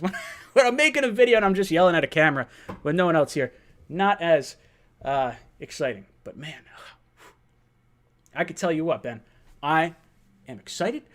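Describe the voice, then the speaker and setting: Young guy running a live fan stream, kinda high voice, hyped, rambles and restarts a lot. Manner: fast, excitable, thinks aloud with restarts, reads super chats. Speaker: host of a fan livestream. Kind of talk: excited livestream sports talk.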